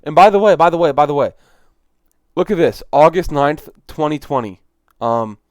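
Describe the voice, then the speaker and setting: A man talks through news clips in an exasperated, emphatic way, circling back to the same phrases. His voice is smooth and clear, recorded dry and close. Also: a little high, no room sound. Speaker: video commentator. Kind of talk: casual commentary on news clips.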